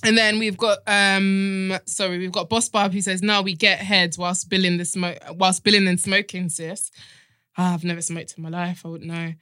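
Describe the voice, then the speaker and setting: A woman hosts a podcast in casual chat, teasing her co-hosts and bursting into giggles. Her voice is bright and forward. She's recorded close and dry on a studio mic. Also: on the low side, flat delivery, moderate pace, dry recording. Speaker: podcast host.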